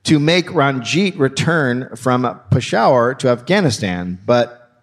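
A male comedian hosting a live history podcast on stage, telling the story in a dry, deadpan way. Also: medium pitch, unhurried.

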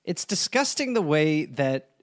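A man co-hosting a comedy podcast, reacting with quick jokes, playful bits and frequent laughter. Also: on the high side, very animated. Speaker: podcast co-host. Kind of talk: casual comedic banter.

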